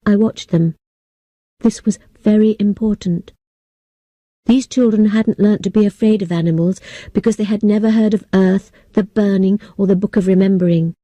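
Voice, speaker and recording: Dark-voiced woman reading an audiobook. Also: medium pitch, moderate pace, dry recording. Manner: clear and steady, for language learners. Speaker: audiobook narrator. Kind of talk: scripted narration.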